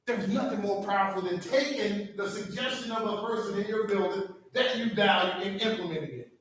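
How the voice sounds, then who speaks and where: A man's voice: high-pitched, fairly quick, fairly bright tone. A man giving a motivational speech to school staff, firing rhetorical questions at the crowd. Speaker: school district leader addressing staff. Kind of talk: motivational speech to a live audience. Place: large echoey hall. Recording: echoey hall from far off with faint noise.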